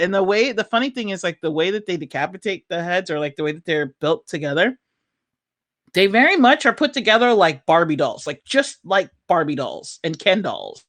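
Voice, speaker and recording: A woman's voice: lowish voice, brisk. A woman chatting casually about a movie, telling scenes animatedly with lots of fillers and laughter. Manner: animated storyteller, laughs often, many fillers.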